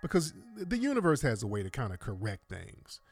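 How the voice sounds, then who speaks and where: A man's voice: medium pitch, huge pitch swings, a little fast, vocal fry, dry recording, faint music behind. A man giving impassioned commentary to his viewers, emphatic and repeating catchphrases to the audience. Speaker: online commentator.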